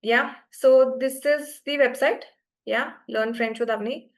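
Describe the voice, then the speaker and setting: A woman's voice: high-pitched, fairly even intonation, measured pace. A woman teaching French to beginners in an online class, explaining patiently and often checking that students follow.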